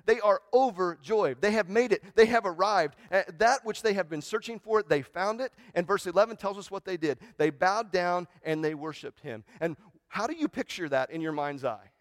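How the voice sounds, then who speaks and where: A man preaching a sermon in a conversational way, often asking "right?" and repeating words, moving from hushed, reverent lines to loud, excited ones. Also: sits high, normal speed, no echo. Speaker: pastor.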